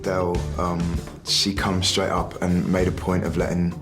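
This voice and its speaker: A man's voice: low-pitched, monotone, measured pace, crowd noise. A man from a pop band recounting events casually and matter-of-factly. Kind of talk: interview. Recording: music under interview.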